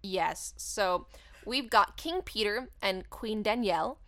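A chatty woman recapping a movie plot in a relaxed, conversational way, slipping into quick character voices as she goes. Her voice sits at a middle pitch for a woman. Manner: animated storyteller, acts out characters' lines. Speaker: podcast co-host. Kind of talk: casual chat recapping a film.

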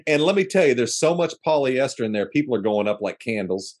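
A man's voice: mid-range voice, lively intonation, fairly quick, darkish tone. A man co-hosting a casual movie podcast, chiming in with dry wisecracks and casual swearing. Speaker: podcast co-host. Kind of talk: casual movie-discussion chat.

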